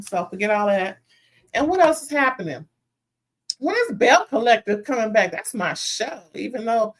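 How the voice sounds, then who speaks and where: A woman hosting a live reality TV recap, chatting straight to her viewers in a sassy, animated, casual way. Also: fairly high pitch.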